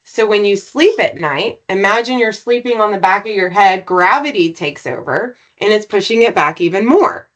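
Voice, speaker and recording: A woman talking on a podcast, sharing a personal story in an earnest, animated way. Her voice sits in a middle pitch, and she keeps checking in with her listener as she speaks. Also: normal speed, few pauses. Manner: earnest, animated retelling with frequent "right?" tags. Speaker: podcast guest.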